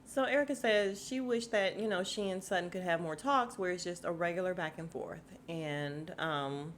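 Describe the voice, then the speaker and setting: A woman podcast host recaps a reality show in a loose, chatty way. She speaks in a slightly low voice, with sarcastic asides. A faint hiss sits under the recording. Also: normal speed.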